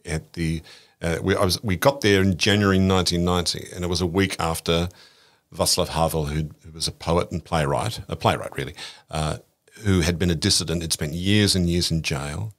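An older man with an Australian accent, a podcast guest recounting travel stories in an animated way, acting out other people's voices. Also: deep voice, a little fast. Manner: animated, acts out voices in anecdotes, frequent restarts. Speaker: interview guest. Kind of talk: storytelling interview.

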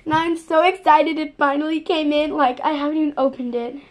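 A young woman filming a casual unboxing vlog, gushing and excitable, piling up "literally" and "so excited". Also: high-pitched, brisk. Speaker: vlogger.

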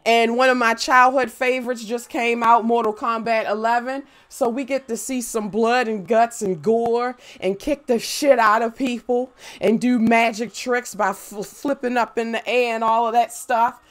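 A young woman streams a game and chats casually with her viewers, playful and profane, letting out loud squeals as she greets people. Her voice is a little high and steady, moving at normal speed with few pauses.

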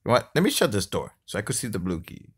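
A man's voice: lowish voice, big pitch swings, fast, breathy edge. A man giving casual let's-play commentary on a mobile game, exasperated and cursing at it, sometimes mocking the enemy, recorded on a phone mic. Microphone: phone screen-recorder mic.

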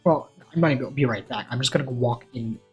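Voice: mid-range voice, quick pace, muffled recording, soft background music. A let's play streamer giving casual, joking commentary with self-mocking asides while playing a game.

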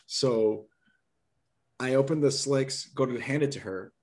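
A man's voice: medium pitch, a little slow. Young guy telling a rambling story. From Nebraska, USA. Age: young adult. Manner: animated, rambling, full of "like" and restarts. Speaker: podcast guest, door-to-door book seller. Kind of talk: casual storytelling on a podcast.

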